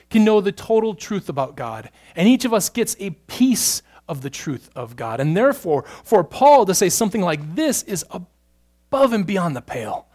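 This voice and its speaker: A man preaching a sermon as pastor, moving between hushed, slow stretches and loud, emphatic bursts. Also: high-pitched.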